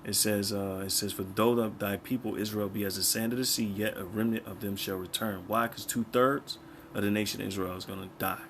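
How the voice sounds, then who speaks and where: Laid-back male preacher, low voice. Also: fairly even intonation, fairly bright tone, a little hiss or hum. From United States. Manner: conversational, keeps checking in with "all right?" and "man"; reads verses slowly, then explains them in plain talk. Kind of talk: casual scripture teaching.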